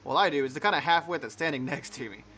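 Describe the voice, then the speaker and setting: A stern old father, scolding and full of contempt, his voice a touch raised and bright, as a man puts him on. he sneers in a mystery game. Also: fairly high pitch, lively intonation, quick pace, a little hiss or hum, pitched above the performer's own voice. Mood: scornful.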